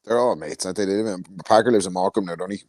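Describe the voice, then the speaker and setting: A man's voice: sits low, racing, a little mellow, no echo. A man co-hosting a podcast, telling rambling stories full of swearing and laughter. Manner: rambling, profane, laughing storyteller. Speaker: podcast co-host. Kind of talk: casual podcast banter.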